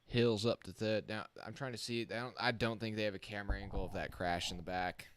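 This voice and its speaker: A man giving casual, excitable live-stream race commentary from a home computer setup, reacting on the fly and chatting to his viewers. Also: fairly low pitch, fairly quick, a little hiss or hum.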